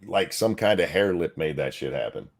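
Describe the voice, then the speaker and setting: Low-voiced ranting man with lively pitch. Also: moderate pace, vocal fry. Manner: blunt, crude, ranting. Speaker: co-host. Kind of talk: casual podcast banter.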